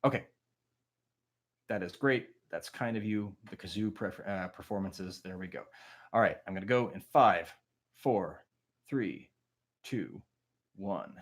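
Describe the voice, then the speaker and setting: A man's voice: deep voice, measured pace, pauses often. A man, a musician, chatting casually with his livestream audience between songs, rambling and self-deprecating with lots of fillers.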